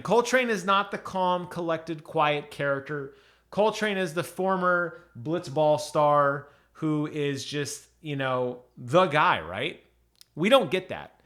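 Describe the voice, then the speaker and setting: A man's voice: on the high side, big pitch swings, a little slow, fairly bright tone. A man casually reviewing an audiobook on his channel, chatty, with many ums and restarts.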